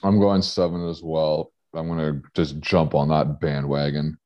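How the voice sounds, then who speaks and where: A man's voice: extremely low pitch, level tone, a little slow, darkish tone, highs cut off. A man from Eastern Canada co-hosting a casual beer review, loose and joking as he rambles. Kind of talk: casual chat.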